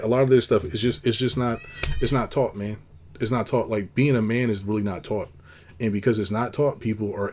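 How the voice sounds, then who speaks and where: A man hosting a casual monologue, rambling and blunt, acting out quoted lines in a high put-on voice. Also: darkish tone. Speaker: host.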